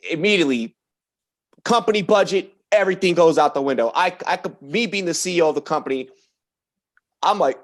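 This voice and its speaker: A man telling a long story on a podcast in a loose, profane, animated way, often laughing through it. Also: a little high, fast talker. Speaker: podcast guest. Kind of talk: casual storytelling.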